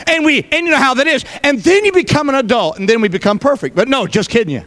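A man's voice: very high voice, expressive, quick pace, few pauses, fairly bright tone. A male pastor preaching a sermon, folksy, with joking asides to the congregation.

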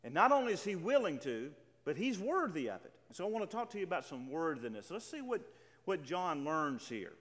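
A man's voice: a little high, sing-song, a little fast, a bit bright. A man preaching a sermon, emphatic and full of stammering restarts, reading scripture aloud with drama. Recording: reverberant hall.

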